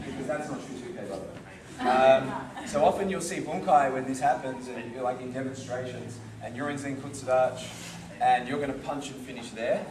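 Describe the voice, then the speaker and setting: A karate instructor teaching a class, drilling the students with call-and-response and calling out counts with energy. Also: male voice, medium pitch, animated, a little slow, pauses often, crowd noise. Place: large training hall. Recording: echoey hall from far off, noisy.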